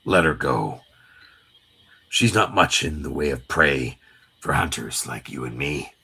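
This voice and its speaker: A man reading a comic aloud and voicing a gruff, surly male brawler in a hushed, low growl. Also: lively intonation, unhurried, full character voice. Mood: stern.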